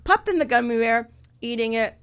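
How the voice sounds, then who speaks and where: A woman in her fifties chats as a talk show host. Her pitch leaps up and down as she tells stories and acts out what everyone said. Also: fairly quick, clear, resonant tone. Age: 50s. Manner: animated storyteller, acts out her own voice in quotes. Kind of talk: casual chat.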